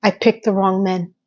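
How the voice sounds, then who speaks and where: A woman's voice: medium pitch, warm tone, dull audio. A woman casually recapping a TV episode, chatty and sassy, acting out the characters' quotes. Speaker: recap host.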